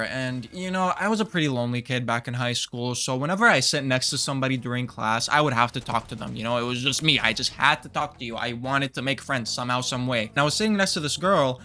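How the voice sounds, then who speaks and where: A young man telling a story from high school in a crude, profane, animated way, full of "dude" and "bro". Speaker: vlogger telling a personal story. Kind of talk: storytime monologue.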